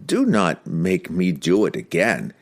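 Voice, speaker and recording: A man voicing a scheming, pampered male wizard who speaks in a slow, calm, crooning way with an evil edge. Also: low-pitched, full character voice. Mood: silky menace.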